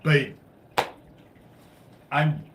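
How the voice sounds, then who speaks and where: A man hosting a live stream, ranting in a frustrated, profane way that swings between loud outbursts and low muttering. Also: drawn-out words, reverberant. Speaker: livestream host.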